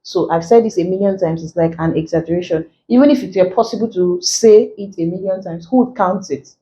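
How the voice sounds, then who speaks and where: A woman teaching an exam-prep lesson in a lowish, mellow voice. She explains slowly, repeats key phrases and leans on "like" as she goes. The recording sounds dull and lo-fi. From Nigeria.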